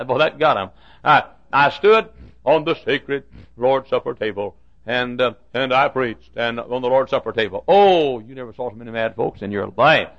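An older male pastor tells a story from the pulpit, stumbling over restarts and then breaking into loud preaching. His voice is gravelly, fairly high and sharp-edged. The lo-fi sermon recording sounds dull.

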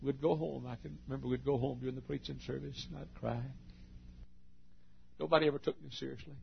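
A middle-aged male pastor preaching an intense sermon, swinging from shouts to hushed, near-quiet passages. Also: mid-range voice, fairly even intonation, fast talker, vocal fry, lo-fi sound, slight background noise.

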